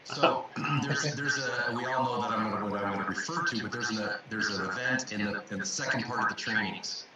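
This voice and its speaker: A man's voice: on the low side, brisk, crowd noise. Echoey, distant man recalling a coaching memory. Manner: reflective, repeats words while searching for them. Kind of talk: casual video chat. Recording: echoey, distant from mic, loud background noise.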